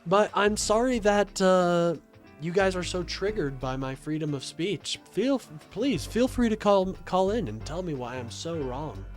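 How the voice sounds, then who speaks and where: A man's voice: sits high, measured pace, soft background music. A young adult man hosting a livestream, reading chat and arguing back in a sarcastic, combative way, often calling people "my friend.". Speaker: livestream host taking calls and reading chat. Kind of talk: casual political livestream talk.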